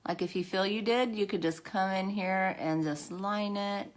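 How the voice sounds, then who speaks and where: A woman's voice: medium pitch, moderate pace. A woman hosting a casual live makeup tutorial, chatting nervously and laughing at herself as she works. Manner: chatty, nervous, self-deprecating, with a nervous cough. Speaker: makeup live-stream host.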